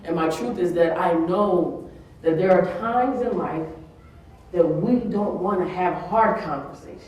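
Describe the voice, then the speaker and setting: A woman's voice: lowish voice, unhurried, darkish tone, slight background noise. A woman giving an earnest, emotional speech at a summit, with laughing asides, recorded in a large conference room. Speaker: keynote speaker. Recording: echoey hall, mic from far off.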